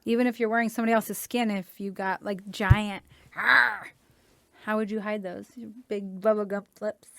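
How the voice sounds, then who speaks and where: A woman's voice: mid-range voice, fairly even intonation, moderate pace, gravelly, fairly bright tone, dry recording. A woman co-hosting a podcast, reading cryptid legends aloud and breaking off into laughs and jokey asides.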